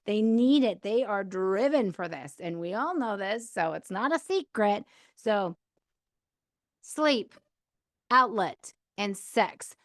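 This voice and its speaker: A woman's voice: medium pitch, animated, slow pace, dry recording, studio quality. A woman in her thirties hosting a podcast, giving candid, chatty advice with lots of fillers. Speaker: podcast host. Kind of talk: casual advice monologue.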